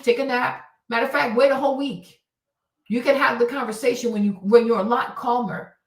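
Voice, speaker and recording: A woman host talks in a casual monologue, blunt and emphatic, and drives her points home by repeating them. Her voice sits fairly high and she swears freely. The sound is roomy, and she is heard from some distance off the mic.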